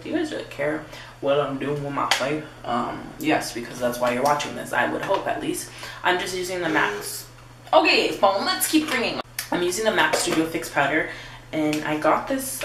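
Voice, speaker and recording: A woman's voice: sits low, noisy background. A young woman chatting casually while doing her makeup, rambling and acting out her own quotes. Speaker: beauty vlogger. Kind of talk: casual get-ready-with-me chat. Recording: roomy, slightly distant home recording.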